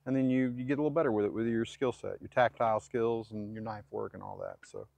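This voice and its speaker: Low-ish and creaky, with a darkish tone, his speech runs fast in a sing-song lilt, and there's no echo. As a homesteader doing butchery, he gives loose how-to talk, rambling and self-correcting with chatty asides.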